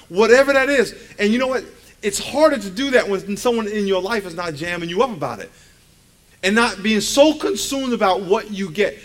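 A man's voice: sits high, a little fast, a bit bright. A man in his forties preaching a conversational sermon in a church, joking and firing rhetorical questions at the congregation.

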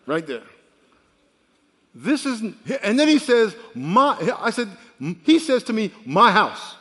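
A man in his fifties, a pastor preaching a sermon with animated storytelling that swings from quiet to loud. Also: very high-pitched, slow. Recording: long reverb of a large hall.

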